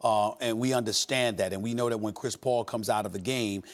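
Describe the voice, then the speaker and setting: A man's voice: fairly low pitch, steady tone, a little fast. A man arguing his point on a sports debate show, emphatic and repetitive as he builds his case. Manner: emphatic, repeats himself while building an argument.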